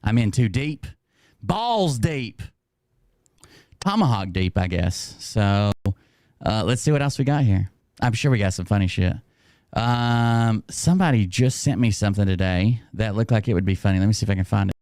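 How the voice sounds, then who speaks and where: Guy rambling on his stream, laughs at himself a lot, smooth voice, dry sound. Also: fairly low pitch, brisk, a little mellow, no room sound. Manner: rambling, self-mocking, laughs often. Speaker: streamer host. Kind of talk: casual livestream chat.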